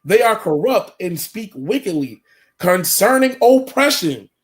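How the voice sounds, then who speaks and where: A man reading scripture verses aloud in a slow, deliberate way. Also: high voice, very animated. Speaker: scripture reader.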